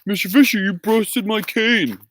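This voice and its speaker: A man's voice: high voice, steady tone, a little fast, pushed and bright, voice pushed up, poor audio. A man voicing another man with a cane, sulky and defensive, in a whiny raised voice.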